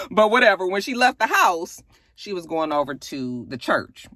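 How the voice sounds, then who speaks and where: Woman, casual show recap, lively sassy delivery, dry close sound. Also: fairly low pitch, normal speed, no echo. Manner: animated, sassy storytelling with acted-out quotes.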